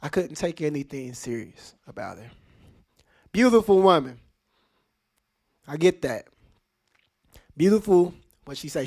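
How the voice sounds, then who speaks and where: Talking straight to his audience, this male podcast host uses a slightly mellow mid-range voice. His commentary is casual yet emphatic, and he leans heavily on rhetorical questions.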